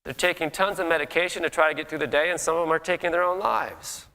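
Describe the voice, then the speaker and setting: Gravelly man preaching in a hall. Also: fairly high pitch, fast talker, bright, forceful tone. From Colorado. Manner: conversational preaching, mimics people's inner voices. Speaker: guest minister. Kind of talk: sermon. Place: church sanctuary. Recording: long hall reverb.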